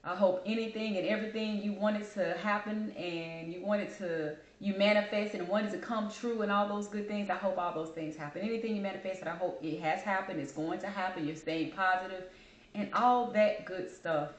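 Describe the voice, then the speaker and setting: Woman vlogger, grieving and candid, mid-pitched, echoey room. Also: steady tone, moderate pace. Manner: candid and heartfelt, addresses viewers as y'all. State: grieving, holding back tears. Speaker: channel host. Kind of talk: personal vlog talking to camera.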